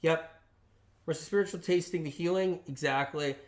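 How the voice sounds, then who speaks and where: A man's voice: a little high, normal speed. A man hosting a casual livestream, talking emphatically and repetitively, often tagging his points with questions and acting out quoted friends. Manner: acts out quoted friends in lively voices. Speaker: health channel host on a livestream.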